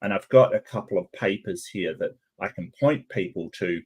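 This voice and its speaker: A man's voice: deep voice, moderate pace, darkish tone, slightly rough. A man with an English accent, hosting a casual group chat in a rambling, conversational way. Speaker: host.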